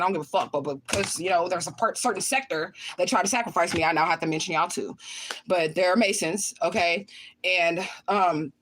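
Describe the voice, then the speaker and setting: A woman hosting her own channel, reading viewer comments and answering them in blunt, profane outbursts, often repeating her lines. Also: fairly low pitch. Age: adult with children. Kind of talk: livestream chat.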